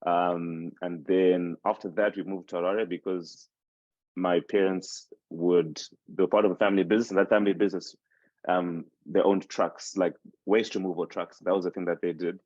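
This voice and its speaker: In a relaxed podcast interview, a Shona-speaking Zimbabwean man in his twenties, himself a podcast host, looks back on his life while rambling and restarting. His voice is low, level and a little mellow at a moderate pace. The dull, dry recording has no room sound.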